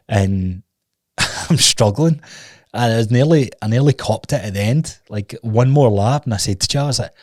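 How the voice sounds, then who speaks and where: In a studio, a podcast host rambles through a candid personal story, casually swearing and starting sentences over. He has a lowish voice at a normal pace, and the recording is dry and clean.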